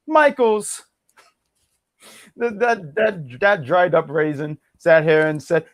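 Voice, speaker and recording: A man's voice: high voice, lively intonation, takes it slowly. A man co-hosting a wrestling podcast, chatting casually with a joking, mock-boastful manner. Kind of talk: casual chat.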